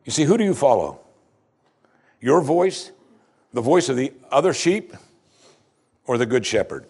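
A male pastor delivering a sermon with a husky edge to his voice. His pitch rises and falls in wide, lively sweeps. He preaches emphatically, moving between loud lines and hushed ones. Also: measured pace.

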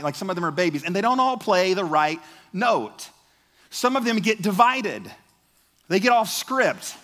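A man preaching a sermon as a pastor, in a conversational, animated way that often repeats words. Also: sits high, in a large hall.

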